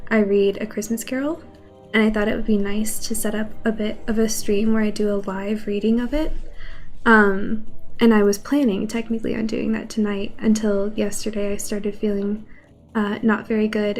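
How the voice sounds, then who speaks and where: A woman's voice: mid-range voice, darkish tone. A woman game streamer with a scratchy voice from a cold, chatting casually and rambling to her viewers. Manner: chatty, rambling, greets chat. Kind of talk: casual chat while gaming.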